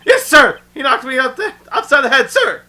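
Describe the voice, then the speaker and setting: A man voicing an overeager young police officer who shouts and barks "sir" after everything, in a video game playthrough. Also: very high voice, very animated, moderate pace, full character voice. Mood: frantic. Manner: shouting, barks 'sir' constantly.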